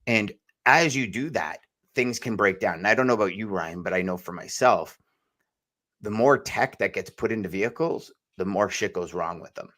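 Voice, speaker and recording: A man's voice: fairly low pitch, moderate pace, fairly bright tone. A man co-hosting a podcast, talking in a loose, rambling way and calling his co-host "brother". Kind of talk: casual podcast chat.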